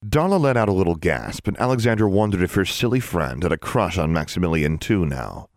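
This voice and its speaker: A man narrating an audiobook in an expressive storytelling manner. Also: low-pitched, a little fast, no room sound, studio quality.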